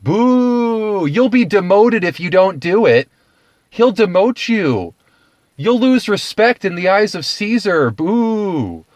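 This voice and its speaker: A man voicing a hostile mob of men who jeer loudly. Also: sits high, big pitch swings, slow, dry recording, voice pushed up, exaggerated voice. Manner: jeering, loud. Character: jeering hostile crowd of men.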